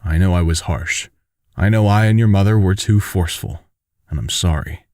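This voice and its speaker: A man's voice: low voice, normal speed, no room sound, clean studio sound, natural voice. A man voicing a remorseful, condemned old father. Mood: regretful. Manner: soft and regretful. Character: remorseful imprisoned father, older man facing death.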